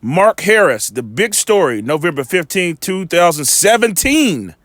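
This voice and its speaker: A man's voice: sits high, sing-song, measured pace, fairly bright tone, dry recording, clean studio sound. A man giving preaching-style Bible commentary in a video, emphatic and firing rhetorical questions at his listeners.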